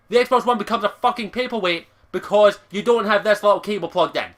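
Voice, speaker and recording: A Scottish man sits on his bed and rants at the camera, cursing at nearly every turn. His voice sits high for a man and rings bright and sharp, with angry outbursts breaking through again and again. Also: fairly quick, few pauses. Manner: swears constantly, exasperated, loud outbursts. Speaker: vlogger. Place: his bedroom, sitting on his bed. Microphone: camera across the room.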